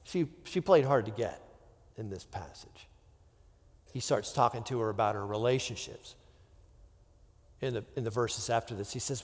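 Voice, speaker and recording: A man's voice: medium pitch, normal speed, long pauses. A man preaching a casual, conversational sermon as a pastor, with rhetorical asides and frequent restarts. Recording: long hall reverb.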